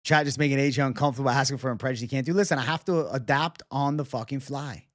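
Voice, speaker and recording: A man's voice: mid-range voice, quick pace, no room sound, clean studio sound. A man hosting a casual live chat, bantering loosely and profanely with viewers. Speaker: livestream host.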